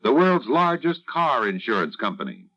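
A man announcing a radio program with a smooth, formal promo delivery. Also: mid-range voice, very animated, normal speed. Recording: lo-fi vintage radio with loud music.

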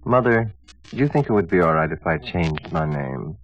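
A man playing Attila the Hun as a meek grown son who complains to his mother in a dry, deadpan way, in a 1960s radio comedy sketch. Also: low voice, moderate pace. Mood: plaintive. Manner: mild, plaintive, dry deadpan. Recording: dull old radio broadcast.

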